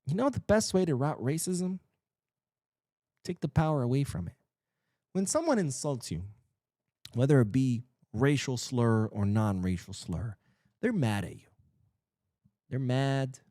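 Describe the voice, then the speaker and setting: A man hosts a football news show and rants in a blunt, profane way. His voice sits in a middle pitch. The sound is dry and close to the mic. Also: no echo. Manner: blunt, profane, animated ranting. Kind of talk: ranting commentary.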